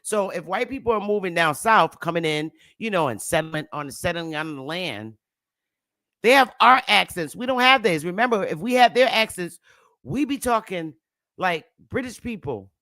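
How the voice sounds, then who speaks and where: A woman's voice: fairly low pitch, animated, normal speed, fairly bright tone, dry recording, clean studio sound. A woman giving a casual, emphatic lecture to camera, with repetitive, preachy asides. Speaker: self-styled history teacher.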